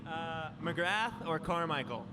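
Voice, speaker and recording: A man asking quick playful questions from a bar area at an event. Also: fairly high pitch, animated, noisy background. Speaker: interviewer. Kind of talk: rapid-fire questions.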